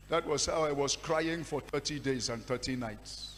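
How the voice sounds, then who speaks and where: A man with a Nigerian English accent, preaching and telling his story with impassioned swings between hushed and loud delivery. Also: medium pitch, normal speed, few pauses, in a large hall. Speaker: pastor. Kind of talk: sermon storytelling.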